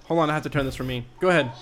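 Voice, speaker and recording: A man co-hosting a podcast, teasing his co-hosts with quick retorts in crude casual chat. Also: a little high, fairly bright tone, a little hiss or hum. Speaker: podcast co-host.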